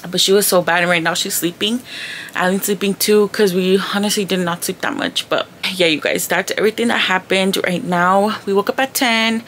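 A woman's voice: medium pitch, fairly even intonation, brisk, a bit bright, slight background noise. A young woman talking casually to her vlog viewers, chatty and loose, sprinkling in Spanish words. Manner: chatty, says "like" and "girl" a lot, mixes in Spanish words. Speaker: vlogger. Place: at home in her bedroom.

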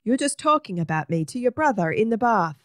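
A woman reading a storybook aloud, voicing a calm, eerie man made of a story. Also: on the high side, quick pace, dry recording, studio quality, voice pushed up. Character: eerie balloon man come to life.

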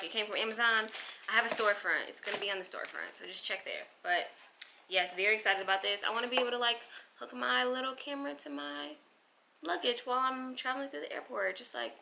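A young woman vlogger chatting excitedly to her viewers while she unboxes packages at home. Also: a little high, fairly quick, gravelly, background noise. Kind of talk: casual unboxing vlog.

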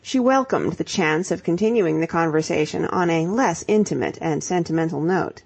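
A woman narrating an audiobook with a measured, expressive reading. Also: fairly low pitch, gravelly, breathy edge.

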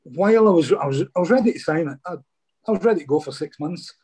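A man's voice: on the high side, animated, fast, mellow, husky. Chatty Scottish man telling stories. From Scotland. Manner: chatty, says "mate" a lot. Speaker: guest, former footballer. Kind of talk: casual storytelling interview.

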